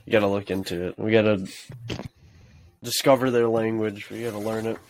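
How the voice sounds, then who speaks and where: A man's voice: fairly low pitch, fairly even intonation, brisk, slight background noise, rough recording. A man co-hosting a casual podcast, joking and throwing in quips. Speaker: podcast co-host. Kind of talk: casual chat.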